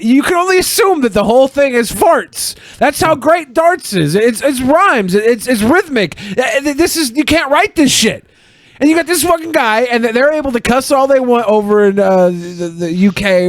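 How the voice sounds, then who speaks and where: A man co-hosting a podcast, talking in crude, excitable banter and laughing often. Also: extremely high pitch, moderate pace, no echo, studio quality. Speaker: podcast co-host. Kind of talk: casual banter.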